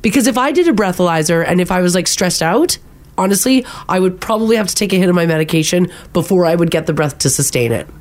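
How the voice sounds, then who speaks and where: A woman's voice: lowish voice, expressive, fast talker. A woman co-hosting a talk radio show, asking pointed, indignant questions in casual chat. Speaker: radio co-host.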